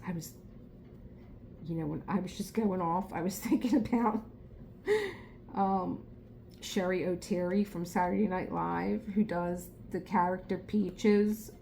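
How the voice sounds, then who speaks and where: Her voice is low, dark and gravelly, steady in tone and a little slow, with frequent pauses, as this middle-aged South Philly crafting vlogger from Philadelphia chats and rambles, laughing often. A little hiss or hum sits under the recording.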